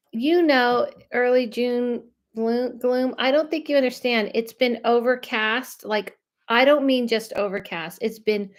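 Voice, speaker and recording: La woman on a live stream, kinda loud, talks slow, rambles and laughs, chats with viewers. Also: a little high. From Los Angeles, USA. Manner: loud, chatty, trails off and restarts, laughs often. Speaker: psychic medium streaming live. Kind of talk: casual live-stream chat reading viewer comments.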